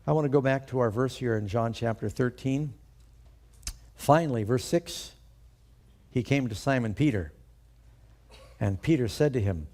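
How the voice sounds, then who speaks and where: Mellow-voiced male pastor preaching. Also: medium pitch, expressive, normal speed, pauses often. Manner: emphatic, asks the congregation rhetorical questions. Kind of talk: sermon.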